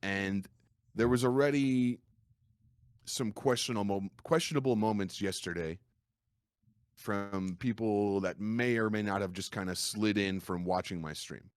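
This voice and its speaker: Deep-voiced man telling a gaming story. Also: measured pace, smooth. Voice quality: distinctive deep voice. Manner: storytelling, animated retelling. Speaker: guest streamer. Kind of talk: casual podcast chat.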